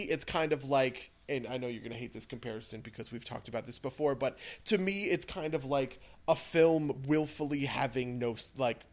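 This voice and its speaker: Casting: young male podcast co-host, rambling and opinionated, filler-heavy casual chat. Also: mid-range voice. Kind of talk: casual chat about games.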